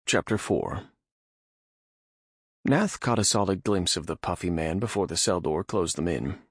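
Deep gravelly male audiobook narrator. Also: lively intonation, unhurried, no room sound, clean studio sound.

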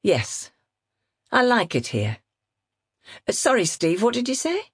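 A woman's voice: mid-range voice, huge pitch swings, takes it slowly, breathy edge, dry recording, clean studio sound, voice pushed up, exaggerated voice. A woman narrator voicing a tired, distracted young woman in an audiobook. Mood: wistful. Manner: quiet and distracted. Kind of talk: audiobook character reading.

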